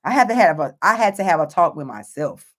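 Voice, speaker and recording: A woman's voice: fairly low pitch, very animated, fast talker, fairly bright tone. A woman hosting a motivational faith talk for her viewers, earnest and emphatic, repeating phrases and using many fillers as she encourages them. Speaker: host and author.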